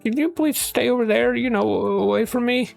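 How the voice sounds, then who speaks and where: A comedy narrator voicing a jumpy, frightened character who stammers nervously, over soft background music. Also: medium pitch, normal speed, gravelly, pitched above the performer's own voice.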